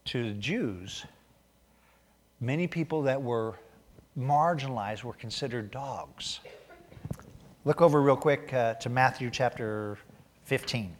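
A man preaching a sermon, reading scripture aloud and growing loud and emphatic as he drives points home. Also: medium pitch, measured pace, pauses often, in a large hall. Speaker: pastor.

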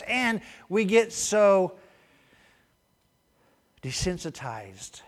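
High-voiced male preacher in a reverberant hall. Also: expressive, measured pace. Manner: preaching with sudden swings between loud urging and soft hushed asides; rhetorical questions and short punchy answers. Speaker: pastor. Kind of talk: sermon.

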